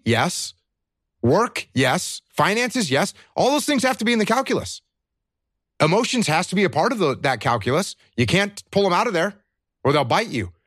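A man speaks in an earnest, emphatic way, asking himself questions and answering them at once. He keeps coming back to the same short phrases. His voice sits at an average pitch and sounds dry and close, with no room around it. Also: a bit bright, no echo. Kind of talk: earnest conversational advice.

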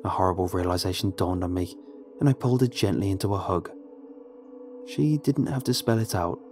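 A man with a lowish voice tells a first-person horror story, his delivery somber and measured. Faint music plays quietly beneath his narration.

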